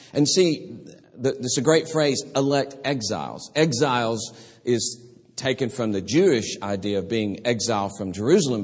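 A man's voice: lowish voice, darkish tone, slightly rough, big-room sound. A man preaching a sermon, earnest and storytelling, often restarting his phrases.

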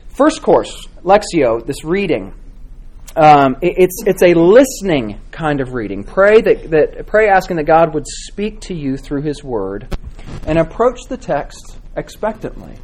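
A man teaching a church class on devotional reading, speaking with frequent pauses, fillers and restarts. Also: fairly high pitch, sing-song, slight background noise. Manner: halting, many fillers and restarts, warm encouraging replies. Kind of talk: Sunday school class teaching.

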